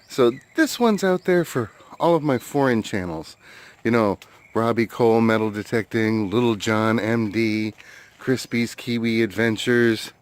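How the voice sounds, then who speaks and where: American man, casual vlogger, laid-back, chatty, laughs easily. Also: mid-range voice. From United States. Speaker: metal detecting vlogger. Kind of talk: casual vlog talk to camera. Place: outdoors at a hunting site and by his truck.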